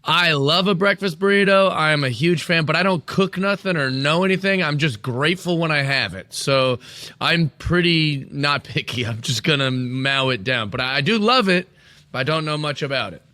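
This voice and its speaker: Upbeat podcast dude, brightish higher voice, dry mic. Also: male voice, normal speed, no echo. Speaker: podcast co-host. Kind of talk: casual podcast chat.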